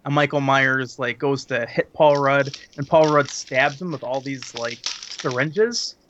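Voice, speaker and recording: A man's voice: mid-range voice, a little slow, fairly bright tone, lo-fi sound, slight background noise. A man chatting casually and crudely about a horror film, laughing often as he rambles through the plot.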